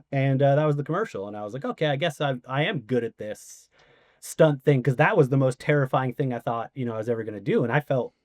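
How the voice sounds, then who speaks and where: Guest man, casual storyteller, mid-range voice, dry close recording, lively quoted asides. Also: medium pitch, brisk, dry recording. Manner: animated retelling with quoted voices and swearing. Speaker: podcast guest.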